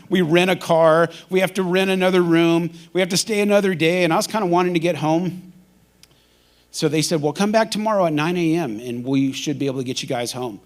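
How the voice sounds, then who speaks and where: A male pastor delivers a sermon in a church, his voice a touch higher than most men's. He tells his story with energy and acts out the people he quotes.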